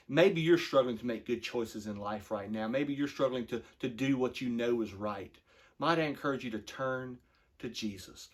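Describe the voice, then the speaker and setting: A man in his thirties, a pastor giving a short devotional sermon in an earnest, conversational way, slowing down to read scripture. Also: medium pitch. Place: church.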